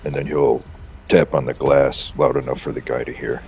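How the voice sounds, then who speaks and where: Very deep, gravelly tabletop player. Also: male voice, little pitch movement, moderate pace, a little mellow, soft background music. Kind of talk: playing a tabletop game over voice chat.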